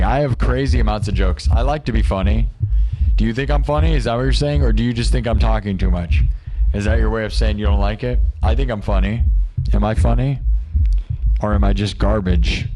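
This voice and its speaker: A man's voice: medium pitch, warm tone, slight background noise. A young man hosting a livestream, chatting casually and joking while he reads out viewer comments, rambling and firing off rhetorical questions. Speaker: livestream host.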